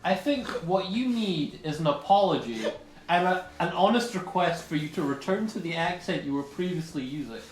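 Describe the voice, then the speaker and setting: Lively high-pitched man, teasing co-host, sounds a bit roomy. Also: moderate pace. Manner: teasing, mock-formal questioning. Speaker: podcast co-host. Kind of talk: casual comedy chat.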